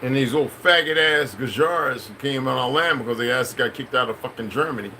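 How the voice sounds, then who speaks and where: Middle-aged male vlogger with a sharp, bright voice. Rambling, cursing monologue over faint background hum. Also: medium pitch, brisk, poor audio. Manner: rambling, profane, preachy. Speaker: channel host. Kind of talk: unscripted monologue.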